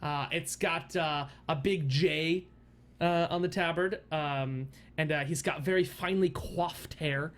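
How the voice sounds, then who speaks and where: A man's voice: a little high, fairly even intonation, a little slow. A man running a tabletop game as game master, narrating in a meandering way with many fillers and restarts.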